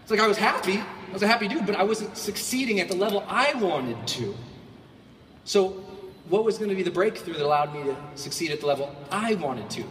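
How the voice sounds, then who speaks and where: Man, motivational keynote speaker, high-pitched, quiet reflection and loud bursts, roomy hall reverb, faint background noise. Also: animated, brisk. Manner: swings from hushed reflection to shouted bursts; acts out mocking quoted voices. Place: large hall. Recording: echoey hall from far off.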